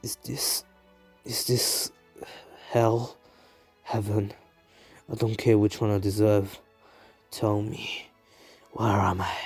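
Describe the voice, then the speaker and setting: A man's voice: on the low side, level tone, takes it slowly, pauses often, slightly rough, soft background music, full character voice. A man voicing a slangy, blunt teenage ninja. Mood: dazed. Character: teenage ninja boy, dazed then fed up.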